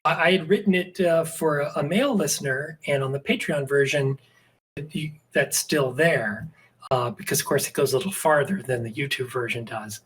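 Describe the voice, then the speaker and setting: A man's voice: fairly high pitch, normal speed, fairly bright tone, breathy edge, poor audio. A man talking as a podcast guest in a casual, rambling chat with many restarts and fillers. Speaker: podcast guest, script writer.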